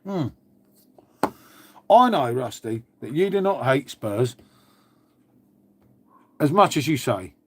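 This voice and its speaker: A man's voice: mid-range voice, very animated, slow pace, long pauses, slightly rough, dry recording. A man chatting casually on a live stream, swearing freely and calling everyone "mate". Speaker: livestream host. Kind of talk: casual live chat with viewers.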